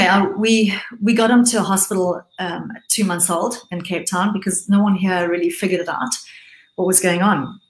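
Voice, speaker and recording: A middle-aged woman from southern Africa talks frankly as a guest in a relaxed conversation. She stumbles and restarts often. The room around her rings with noticeable echo. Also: lowish voice. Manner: candid, halting, many restarts. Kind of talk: casual conversation.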